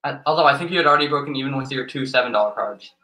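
A man's voice: medium pitch, rapid-fire, bright, forceful tone, reverberant, low-quality recording. A man helping off camera, reading out prices in a matter-of-fact way. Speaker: helper checking prices off camera.

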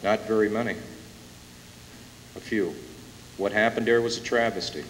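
A man's voice: on the low side, normal speed. Emotional man introducing a speaker in a hall. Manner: emotional, building to loud announcements. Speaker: event emcee introducing the speaker. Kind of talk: impassioned rally introduction. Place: conference hall with a live audience. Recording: echoey hall from far off, hissy tape.

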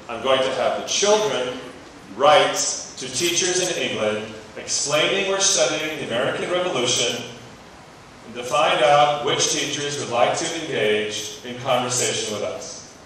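A man giving a lively presentation to a room of teachers, telling stories and putting questions to the audience. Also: medium pitch, slight background noise. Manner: animated storytelling, asks the audience questions. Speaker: education speaker. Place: meeting room or hall with an audience. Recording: echoey room, distant mic, faint ambience.

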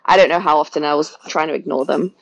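A woman's voice: sits low, fairly even intonation, fast, vocal fry, no room sound, dull audio. A woman, a podcast guest chatting through her birth story and acting out her own past words. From Australia.

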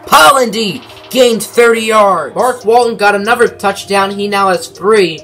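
A man's voice: sits high, a little slow, pushed and bright, faint music behind. A young man narrating a football video game in mock sportscaster play-by-play, with dry asides. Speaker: gaming commentator.

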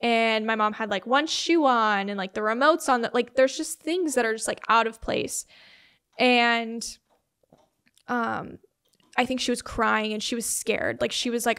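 A woman's voice: a little high, moderate pace, gravelly, a bit bright, clear, resonant tone. Young woman telling a personal story, chatty. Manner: conversational, many "like" and "um" fillers, quotes family members in retelling. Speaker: interview guest. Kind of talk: personal storytelling in a sit-down interview.

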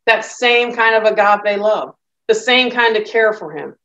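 A woman's voice: medium pitch, a little slow, a bit bright, muffled recording. A woman teaching a Bible study lecture in a conversational way, reading scripture and acting out the quoted speakers. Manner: conversational, acts out quoted voices.

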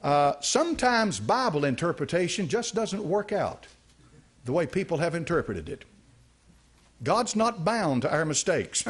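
A man's voice: a little high, sing-song, a little slow, slightly rough. A man preaching a sermon as a pastor, emphatic, driving points home with repeated phrases.

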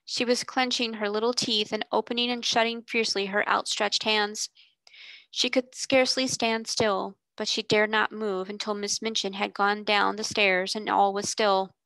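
Female narrator, steady read-aloud storytelling, some vocal fry. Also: mid-range voice, normal speed, no room sound, rough recording. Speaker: tutor reading aloud.

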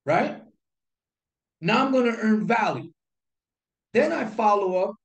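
In an echoey room, a man gives an instructional talk to camera on selling, his high voice animated and his pace slow with frequent pauses. He drives his points home with emphasis, repeated key phrases and rhetorical questions.

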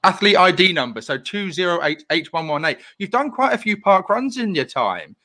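A man's voice: sits high, big pitch swings, normal speed, bright, forceful tone. A man hosting a live online interview over a video call, chatty and rambling, laughing often. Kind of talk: casual live-stream interview.

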